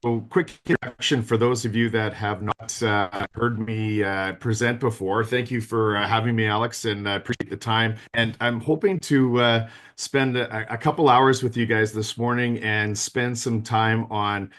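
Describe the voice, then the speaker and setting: A man's voice: fairly low pitch, steady tone, moderate pace, few pauses, a bit bright. A man in his fifties giving a virtual business planning seminar, chatty and self-deprecating, talking straight to his audience over a video call mic. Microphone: video call microphone.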